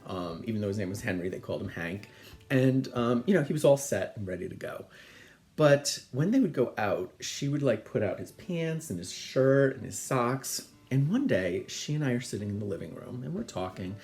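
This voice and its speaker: Middle-aged male host, chatty storyteller, mid pitch, very lively intonation. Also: normal speed. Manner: animated, chatty, laughs often. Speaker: podcast host. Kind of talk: casual storytelling.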